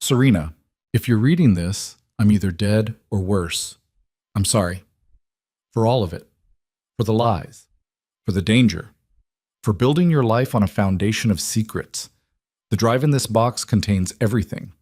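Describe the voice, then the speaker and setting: A man's voice: on the low side, normal speed, long pauses, darkish tone, dry recording, studio quality, lightly acted. A man voicing a remorseful father's farewell letter, earnest and confessional.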